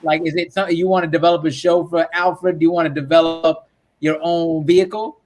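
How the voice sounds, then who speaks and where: High-voiced podcast host asking questions. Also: male voice, level tone, brisk, darkish tone, slight background noise. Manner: asks probing follow-up questions. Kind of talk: casual podcast interview.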